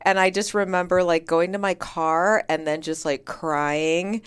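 A woman with a smooth, clear voice tells a story in casual chat. She talks animatedly and slips into the voices of the people she quotes. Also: on the low side, unhurried. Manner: animated, acts out quoted dialogue, many "like" fillers. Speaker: podcast guest.

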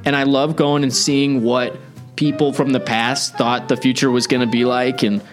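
A man's voice: medium pitch, little pitch movement, normal speed. Male podcast host, eager and rambling, mid-range voice, faint music behind. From Chicago area. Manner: enthusiastic, rambling, chatty. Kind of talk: casual podcast chat.

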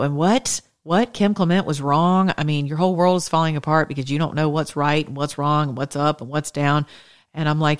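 A woman hosting her own show, delivering a passionate, preachy monologue of religious political commentary. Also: low-pitched. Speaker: show host.

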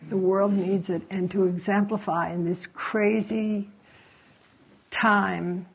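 A woman meditation teacher giving closing remarks at a retreat, speaking in a reflective, halting and gently encouraging way. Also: mid-range voice, level tone, vocal fry, breathy edge.

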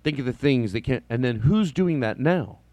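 A man's voice: medium pitch, expressive, moderate pace, mellow, no room sound. A man hosting a comedy podcast in a casual monologue, drifting off on tangents, restarting his sentences and chuckling as he tells stories. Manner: digressive, restarts and sidetracks; chuckles while telling stories.

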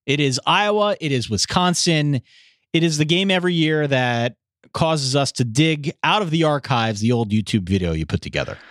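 A man's voice: a little high, moderate pace, no room sound, studio quality. A man co-hosting a casual sports podcast, leading the segments and making picks. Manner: animated, leads the segments. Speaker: podcast co-host.

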